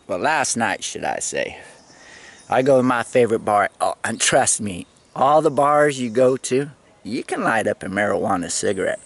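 A man in his fifties spins rowdy stories in a casual vlog, cursing freely and laughing along. His voice is gravelly, and his pitch leaps up and down as he acts out each moment. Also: normal speed. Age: 50s. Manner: animated, swearing, laughing storyteller.

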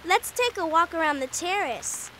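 A woman's voice: very high voice, animated, normal speed, background noise. A woman voicing Moo Moo, a timid, jumpy young cartoon character who frets and shrieks in panic. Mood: cheerful. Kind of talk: children's cartoon voice acting.

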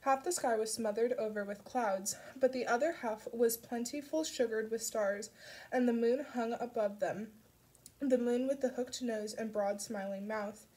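A woman reading an audiobook aloud, narrating a dark story with soft shifts for the characters. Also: fairly high pitch, moderate pace. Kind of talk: scripted narration.

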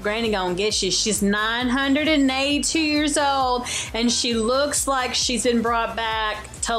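A young woman giving excitable, jokey Let's Play commentary as a gaming YouTuber, often exclaiming and shrieking. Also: on the high side. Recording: faint game music behind.

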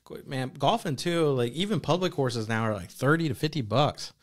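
A man's voice: mid-range voice, animated, moderate pace. A man, co-hosting a podcast in an easygoing casual chat, laughing often. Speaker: podcast co-host.

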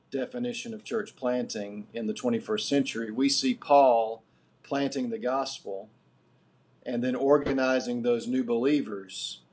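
Husky-voiced man lecturing a class. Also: mid-range voice. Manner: earnest teaching, builds points deliberately. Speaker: guest lecturer.

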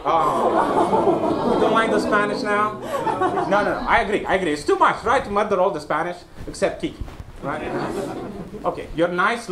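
A man from Romania doing stand-up comedy in a small basement club, teasing the crowd and checking in with them. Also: high-pitched. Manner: playful, teasing, checks in with "right?". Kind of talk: stand-up set with crowd work. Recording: echoey room mic from far off, loud crowd and noise.

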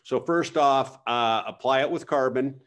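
A man with a mid-range voice co-hosting a casual live webinar Q&A. He gives practical, advisory answers, often pausing on "um" and "uh". He is heard over a video call microphone. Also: mid-range voice, a bit bright. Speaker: webinar co-host giving agronomy advice.

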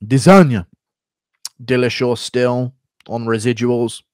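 A man's voice: mid-range voice, normal speed, dry recording, studio quality. A man streaming, reading donations and chatting with sarcastic, casually profane remarks. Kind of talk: casual livestream chat.

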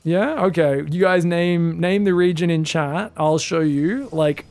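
This is an Australian man with a notably high voice, commentating a strategy game for a live audience. He rambles through teasing, self-mocking banter with his chat and jumps to sudden excited yells during big moments. Faint music hums behind him. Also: measured pace. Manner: joking, self-mocking, bursts into excited shouts. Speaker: esports caster.

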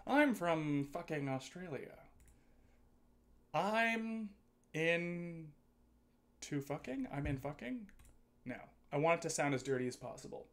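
A man streaming a video game, chatting casually and excitedly with viewers, with lots of swearing and jokes. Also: on the high side, slow pace, long pauses. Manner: excitable, swears a lot, jokey. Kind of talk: casual gaming livestream chat.

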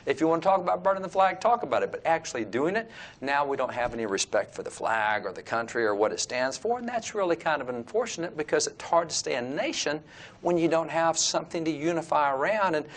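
A man's voice: a little high, animated, quick pace. A man with a Texan accent, talking earnestly as an interview guest about history in a room full of old books. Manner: earnest, lecturing, reads aloud from old books. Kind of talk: informal explanatory talk. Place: room surrounded by old textbooks.

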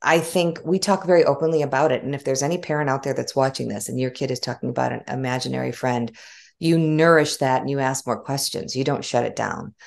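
A middle-aged woman with a Chicago accent, a former journalist telling stories in an animated, conversational interview. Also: very deep voice, vocal fry. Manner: animated storytelling with frequent laughs. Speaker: guest, former broadcast journalist.

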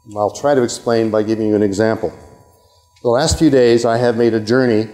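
A man's voice: medium pitch, fairly even intonation, fairly quick, a little mellow, faint music behind. Older man lecturing in a reverberant hall. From Canada. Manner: rambling, self-interrupting, with frequent okays and asides. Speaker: university lecturer. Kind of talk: academic lecture.

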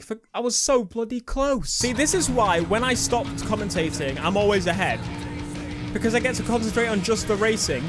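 A young man on a headset, chatting through a let's play with excitable outbursts. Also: high voice. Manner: chatty, excitable, bursts into loud exclamations. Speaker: gaming YouTuber. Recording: game music loud behind voice.

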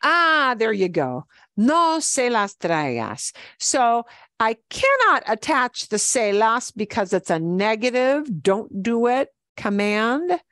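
A woman's voice: a little high, very animated, takes it slowly, fairly bright tone, dry recording, studio quality. A woman teaching a beginner Spanish class, patient and repeating each form with emphasis. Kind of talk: online language lesson.

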